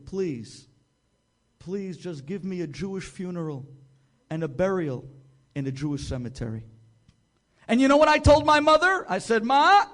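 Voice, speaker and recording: A bitter, estranged middle-aged daughter, voiced by a man. She talks bluntly with a resentful edge, in a fairly high voice. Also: mellow.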